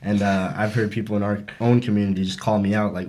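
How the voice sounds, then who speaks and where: A young man speaks in a low voice during a casual group discussion. His diction is slangy and a little slurred. His tone stays earnest and steady. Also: fast talker. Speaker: podcast co-host.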